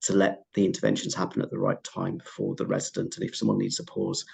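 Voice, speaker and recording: Male panelist, husky and deep, earnest and discursive. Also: very animated, fast, a little mellow.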